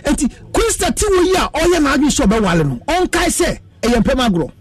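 A man's voice: extremely high pitch, big pitch swings, fairly quick, far from the mic. A Ghanaian man speaking as a counselor guest on a radio show, lecturing emphatically in casual chat. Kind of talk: casual radio chat, mixing Twi and English.

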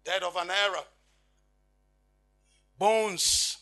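Preacher guy, really high bright husky voice, goes quiet then yells, bit of music under it. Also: fairly even intonation, drawn-out words. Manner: impassioned, swings from quiet to shouting. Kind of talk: sermon.

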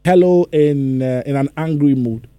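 A man's voice: on the high side, moderate pace, warm tone, clean tone, no echo, clean studio sound. A man hosting a call-in radio show, playful and teasing with callers, sometimes singing the station's phone number. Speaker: radio host.

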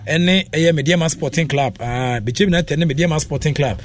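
A man's voice: a little high, fairly quick. A man with a Ghanaian accent presenting a sports radio show, rambling and mixing in many fillers. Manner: rambling, switches between Twi and English with many fillers. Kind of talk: casual sports radio talk.

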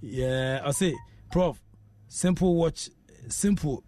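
A man's voice: fairly high pitch, slow pace, warm tone, soft background music. A man with a Ghanaian accent hosting a radio sports show, reading out listener messages in a chatty way and dropping in local phrases. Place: radio studio.

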